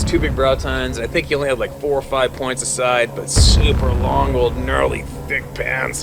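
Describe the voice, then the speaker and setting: A man working as a hunting guide, telling a wild story in a casual, animated way and swearing freely. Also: mid-range voice, vocal fry, heavy background noise.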